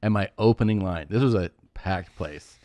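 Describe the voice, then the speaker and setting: A man's voice: low voice, normal speed, mellow, no room sound. A man on a podcast, casually telling a long story, acting out other people's lines and laughing often. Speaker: podcast co-host and comedian.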